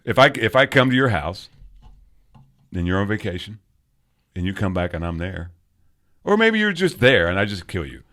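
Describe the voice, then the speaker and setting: A man's voice: fairly low pitch, very animated, normal speed, long pauses, a bit bright. A man in his forties co-hosting a podcast, joking, swearing and laughing often while drinking beer. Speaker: podcast co-host. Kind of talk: casual chat over beers.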